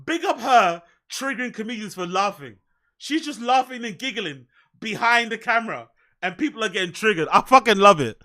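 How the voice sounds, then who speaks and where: A man streaming a loud, profane, mocking rant in reaction to clips, often shouting. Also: high voice, animated, brisk. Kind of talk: ranting reaction commentary.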